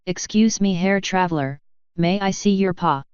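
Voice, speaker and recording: A bubbly, playful unicorn mare with a German accent, as a woman reader puts her on speaks in halting, broken English. The voice is very smooth and dry, though the recording sounds dull and lo-fi. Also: lowish voice, a little mellow, no echo, natural voice.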